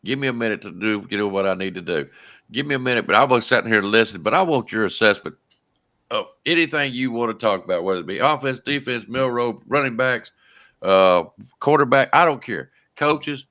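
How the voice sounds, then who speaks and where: A man's voice: medium pitch, animated, a little fast, bright, forceful tone. A man, hosting a casual sports talk show and speaking earnestly.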